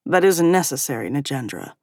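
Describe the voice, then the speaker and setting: A woman's voice: sits low, very animated, fairly quick, no room sound, studio quality, pitched below the performer's own voice. A woman voicing a composed male king who speaks firmly and with control. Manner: firm, controlled.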